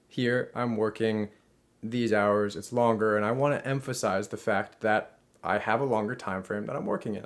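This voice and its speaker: Male host-teacher, slightly low voice, patient explainer who rephrases and slows for examples. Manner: slows down to model example sentences. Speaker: Spanish teacher, channel host. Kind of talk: explanatory language lesson.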